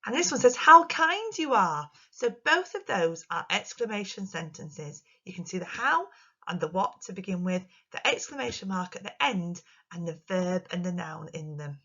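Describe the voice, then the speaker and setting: Lively woman teaching young kids. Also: on the low side, normal speed, slightly rough, lo-fi sound. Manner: expressive, sing-song teacher voice. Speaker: primary school teacher. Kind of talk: recorded remote lesson for young children.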